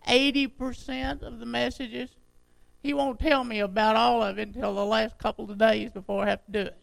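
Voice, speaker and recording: An older man preaching a sermon to his church in a folksy, conversational way, his voice unsteady and jumping in pitch. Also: flat delivery, normal speed, vocal fry, a bit bright, no echo, poor audio. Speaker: pastor.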